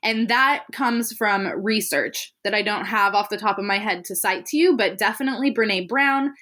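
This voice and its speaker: A woman's voice: mid-range voice, moderate pace, bright, forceful tone. A young adult woman hosting a self-care podcast, talking earnestly and candidly in an encouraging way. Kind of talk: reflective solo podcast talk.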